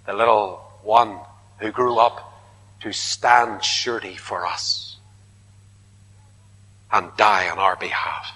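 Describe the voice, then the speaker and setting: A man preaching a sermon, emphatic, his voice rising to loud repeated protests. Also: on the low side, fairly even intonation, slow, long pauses. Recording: long hall reverb.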